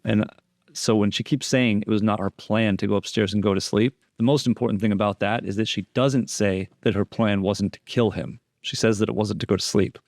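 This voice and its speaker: A man's voice: on the low side, fairly even intonation, fairly quick, darkish tone, no echo, clean studio sound. A man instructing on deception analysis, explaining interrogation footage in a methodical way and repeating key phrases for emphasis.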